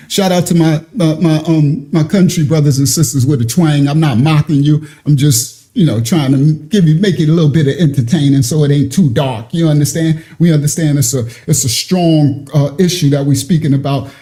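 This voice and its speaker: A man hosting a casual livestream, talking in an animated, colloquial way and chuckling often between remarks. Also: on the high side, a little fast, hardly any pauses. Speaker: livestream host.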